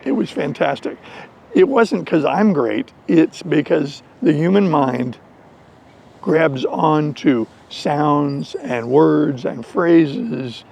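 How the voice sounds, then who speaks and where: An American man telling a story slowly and deliberately in an English lesson for learners. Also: on the high side. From United States. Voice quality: gravelly. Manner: slow, deliberate, animated storytelling. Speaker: English teacher.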